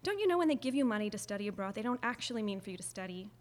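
A woman voicing a teasing, sharp-tongued young Frenchwoman in an audiobook, with a dry, mocking delivery. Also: mid-range voice, sing-song, racing, long reverb tail, close to an everyday voice. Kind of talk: audiobook character reading.

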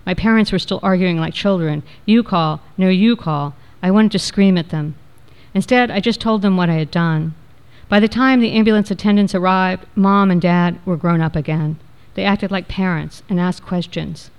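Woman reading her memoir, calm reflective pace, smooth clear voice. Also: fairly low pitch. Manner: measured, reflective storytelling. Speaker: narrator.

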